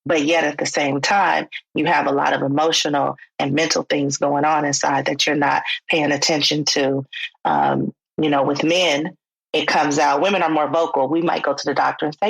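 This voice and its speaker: A woman's voice: low-pitched, expressive, normal speed, gravelly, breathy edge, dry recording, low-quality recording. A woman who works as a clinical social worker, explaining mental health conversationally in a podcast interview and acting out quoted speech. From United States. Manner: conversational, acts out quoted speech, informal phrasing.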